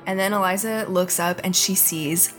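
A young woman co-hosting a podcast, recapping an episode in casual chat, animated and profane, laughing often. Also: mid-range voice, moderate pace, faint music behind. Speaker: podcast co-host.

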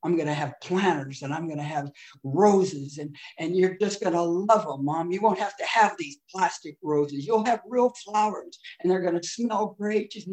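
A middle-aged man sharing his recovery story at a meeting, emotional, swinging between loud and hushed moments. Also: on the high side, normal speed. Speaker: recovery speaker. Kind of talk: AA share storytelling.

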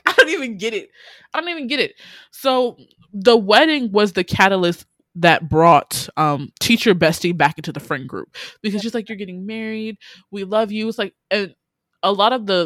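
Animated woman recapping a show, dry sound. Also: mid-range voice, no echo. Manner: animated, swearing, exasperated storytelling with quoted reactions. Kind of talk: casual chat recapping a TV series.

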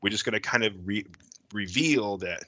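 A man's voice: fairly low pitch, moderate pace, pushed and bright, dry recording, lo-fi sound. A man in casual brainstorming chat, talking loosely with lots of fillers and acting out characters' lines. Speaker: co-writer planning a horror story.

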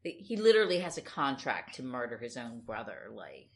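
Casting note: woman with a very low voice, easygoing co-host, musing and rambling. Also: big pitch swings, a little fast. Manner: thoughtful, rambling, with hedging fillers. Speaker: podcast co-host. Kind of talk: casual comic book discussion.

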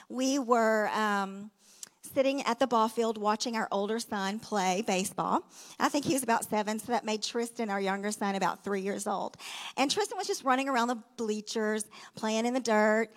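A woman's voice: a little high, in a large hall. A woman preaching a sermon in a church, telling a story dramatically with conversational asides.

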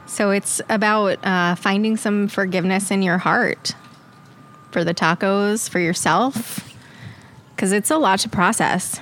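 A woman's voice: mid-range voice, unhurried, a bit bright. Woman, slight long island accent, casual chat, laughs a lot, faint noise. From Long Island, New York. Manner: chatty, laughs often. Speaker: podcast guest.

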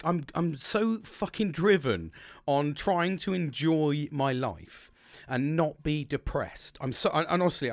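Sweary, lively British man. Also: a little high, no room sound. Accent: British English. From Britain. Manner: sweary, rambling, upbeat. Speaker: podcast host. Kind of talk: casual solo podcast chat.

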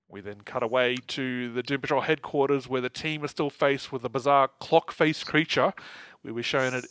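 A man's voice: mid-range voice, fairly bright tone, no room sound, poor audio. A man co-hosting a podcast, recapping comic issues in casual chat with wry asides and frequent laughter. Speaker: podcast co-host.

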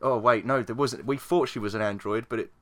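A man's voice: medium pitch, fairly quick, fairly bright tone. A man co-hosting a casual chat podcast, jokey and sweary, often laughing. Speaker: podcast co-host.

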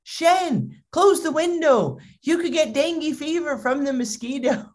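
A speaker voicing an anxious, overprotective mother in a funny story, fretting in a high voice. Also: animated, a little slow, darkish tone. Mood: alarmed. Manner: fretful, high-pitched.

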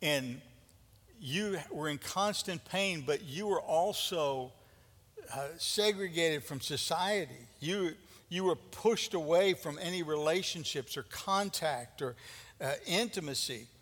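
A pastor with a fairly high voice delivers a sermon slowly yet with animated, dramatic energy, stumbling and repeating words as he builds toward each point. His voice echoes through a church hall, trailing off in long reverb.

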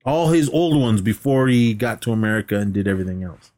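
A man's voice: on the low side, brisk. A man co-hosting a podcast, casually recapping a movie scene by scene, swearing freely and acting out lines from it. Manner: animated retelling with acted-out quotes, swears freely, laughs often. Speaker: podcast co-host.

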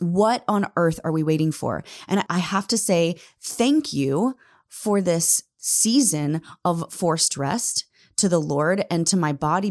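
A woman in her thirties giving an earnest, emphatic motivational talk, often addressing listeners directly as "guys.". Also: mid-range voice. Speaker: motivational speaker.

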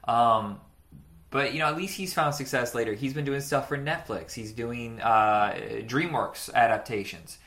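A man in his forties co-hosts a podcast with a medium-pitched, slightly bright voice at a measured pace. He chats casually and rambles about old cartoons, laughing easily.

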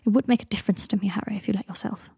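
A woman's voice: medium pitch, racing, creaky, warm tone, breathy edge, no echo, studio quality. A woman voicing a wry, self-mocking young man, speaking dryly and flippantly. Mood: quiet.

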